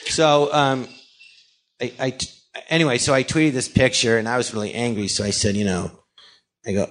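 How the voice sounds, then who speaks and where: A man's voice: medium pitch, steady tone, normal speed, long pauses, a bit bright. A man from California, a guest actor and comedian, rambling through a story in a casual interview, acting out quoted dialogue and dropping sarcastic asides. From California, USA.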